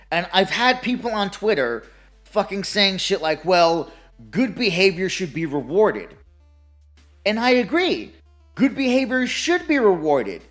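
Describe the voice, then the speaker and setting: A gaming commentator with a medium-pitched, slightly bright voice goes on a sarcastic, profanity-laced rant. Laughing frequently, they ridicule opponents by imitating them in exaggerated quoted voices.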